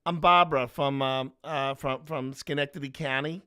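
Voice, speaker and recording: A man's voice: medium pitch, fairly even intonation, normal speed, smooth, natural voice. A man putting on the voice of a chirpy, overly friendly woman with a Bronx accent. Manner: bright, overly friendly greeting.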